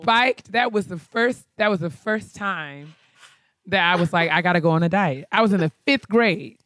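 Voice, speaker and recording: A woman's voice: fairly low pitch, normal speed, dry recording. A woman co-hosting a podcast, telling stories animatedly with frequent laughter. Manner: animated storyteller, laughing often. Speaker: podcast co-host. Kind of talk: casual chat.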